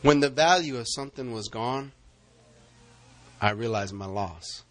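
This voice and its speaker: A man preaching and telling a story to his congregation in an animated way, acting out loud calls. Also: mid-range voice, unhurried. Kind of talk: storytelling sermon.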